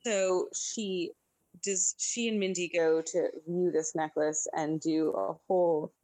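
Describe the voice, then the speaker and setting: A woman chatting casually as a podcast co-host, recapping a movie scene by scene in a lively, filler-filled way. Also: fairly low pitch, takes it slowly, no room sound, low-quality recording. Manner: chatty, animated, lots of fillers.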